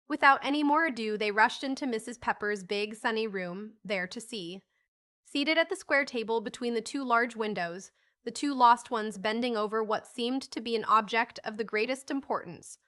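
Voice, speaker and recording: A woman narrating a classic children's novel as an audiobook, reading in a lively, expressive way. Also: fairly high pitch, moderate pace.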